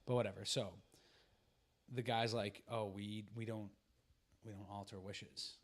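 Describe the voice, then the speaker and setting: A man with a somewhat low voice carries a casual podcast conversation. He recaps a film in a loose, rambling way, dropping into the characters' lines and swearing without a second thought. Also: little pitch movement, measured pace. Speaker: podcast host. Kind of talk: casual chat, retelling a movie plot.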